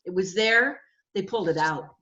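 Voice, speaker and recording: A woman's voice: medium pitch, moderate pace, a bit bright, muffled recording. A woman coaching client giving an earnest, emotional testimonial on a group video call, often stumbling and repeating words. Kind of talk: heartfelt spoken testimonial.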